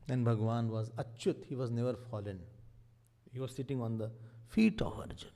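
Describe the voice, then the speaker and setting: A man with an Indian English accent giving a spiritual talk as a swami, telling stories with lively voices, sudden loud exclamations and soft asides. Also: mid-range voice, a little slow, pauses often. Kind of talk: sermon-style discourse with stories. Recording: long hall reverb.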